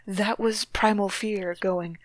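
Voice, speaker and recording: A woman's voice: mid-range voice, steady tone, slow pace, no room sound. A woman co-hosting a podcast, reading a novel aloud dramatically and breaking off for wry, mocking asides. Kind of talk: dramatic reading with sardonic commentary.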